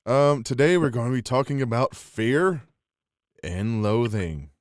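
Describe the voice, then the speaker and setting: A man's voice: medium pitch, expressive, unhurried, dry recording, clean studio sound. A man hosting a podcast, talking in a casual, joking and emphatic way and laughing often. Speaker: podcast host.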